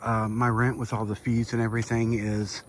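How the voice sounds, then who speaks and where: A middle-aged man with the hiccups talks in a fairly low voice as he walks outdoors at night. His delivery is rambling and hesitant, with many fillers. A faint outdoor hum sits behind him. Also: flat delivery, normal speed. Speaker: vlogger. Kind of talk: casual walk-and-talk update.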